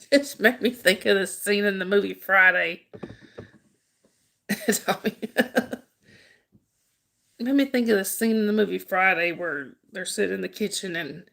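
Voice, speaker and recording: A woman's voice: medium pitch, gravelly, bright, forceful tone. A woman hosting a casual live stream, greeting viewers and teasing them with frequent laughter.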